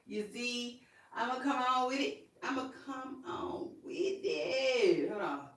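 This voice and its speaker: A woman hosting her own vlog, chatting casually to viewers about celebrity gossip in front of a camera, sassy and animated, repeating her lines for emphasis. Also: on the high side, takes it slowly, a little hiss or hum. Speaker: vlog host. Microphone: camera mic.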